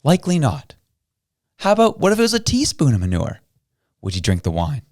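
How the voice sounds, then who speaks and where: A man's voice: on the high side, wildly swooping pitch, fairly quick, a little mellow, no echo, clean studio sound. A male podcast host, giving heated, emphatic political opinions.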